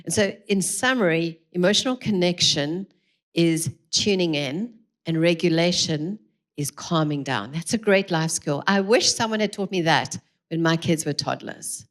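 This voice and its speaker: Middle-aged woman, lower register, earnest and encouraging, live talk to an audience on a mic. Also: moderate pace. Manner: earnest, encouraging, addresses the room directly. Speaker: speaker at a church parenting evening. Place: large room with a live audience.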